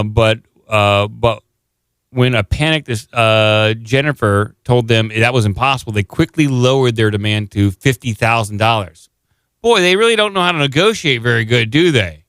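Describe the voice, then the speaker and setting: A man's voice: medium pitch, moderate pace, fairly bright tone, smooth, dry recording. A man co-hosting a podcast, reading a news story aloud with sarcastic, jokey asides. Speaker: podcast co-host. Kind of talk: casual chat, reading a news article aloud.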